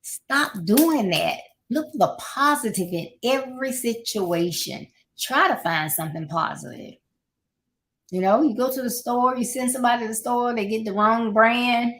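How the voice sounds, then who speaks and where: A woman's voice: fairly high pitch, moderate pace, a bit bright, a little hiss or hum. A middle-aged woman hosting a podcast, giving casual motivational advice and repeating her points with encouraging asides. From Florida, United States.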